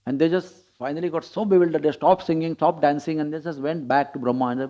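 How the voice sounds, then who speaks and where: Speaking quickly with few pauses, a preacher with a fairly high, steady voice teaches a scripture class. He tells stories, chuckles, and acts out quotes, all captured in dull lo-fi sound.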